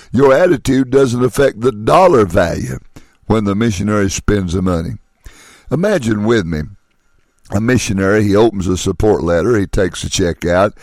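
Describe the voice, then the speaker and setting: A man with a low voice preaches a sermon, driving his points home with repetition and pointed questions. The sound is dry and close, with no room around it. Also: darkish tone, dry recording. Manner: emphatic preaching with repeated phrases and rhetorical questions.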